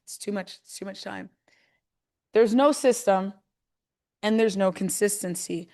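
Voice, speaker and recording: Woman hosting a live call, hyped sales pitch, keeps repeating stuff for emphasis, medium pitch. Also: measured pace, a little mellow. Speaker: host presenting a trading program.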